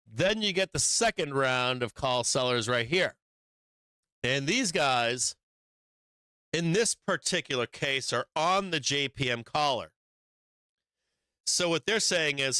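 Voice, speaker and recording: A man with a bright, crisp voice giving casual live market commentary over charts. He talks bluntly and swears often. The recording is close and dry. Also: on the high side, unhurried, pauses often, no room sound. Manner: profane, blunt, animated chart talk. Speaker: stock market stream host.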